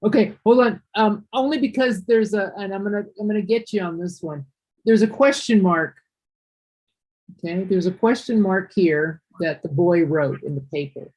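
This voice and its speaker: A woman's voice: medium pitch, normal speed, darkish tone, low-quality recording. A woman teaching English one-on-one, patiently correcting and explaining.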